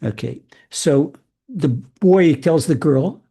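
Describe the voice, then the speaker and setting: A rabbi telling stories in a lecture to a live audience, animated and often repeating and restarting his words. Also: on the high side, slow pace, gravelly, husky. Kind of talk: storytelling Torah lecture.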